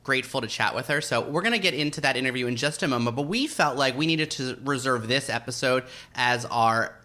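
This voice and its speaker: A man's voice: medium pitch, fairly quick, bright, forceful tone. A man co-hosting a podcast, talking casually and enthusiastically in rambling lists. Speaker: podcast co-host. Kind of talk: casual chat.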